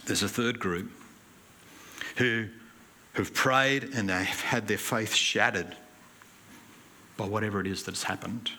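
Man, pastor, earnest sermon delivery, low-pitched but bright, light hiss behind. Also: takes it slowly, pauses often. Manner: earnest, emphatic preaching with animated anecdotes. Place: church hall.

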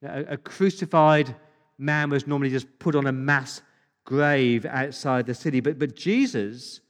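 A man's voice: mid-range voice, measured pace. Male pastor, emphatic sermon delivery with rhetorical questions, reverberant hall sound.

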